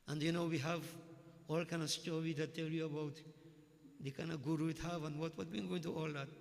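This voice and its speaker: A man's voice: a little high, little pitch movement, a little fast, vocal fry, in a large hall. A man preaching a sermon, telling folksy stories with jokes. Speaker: religious leader.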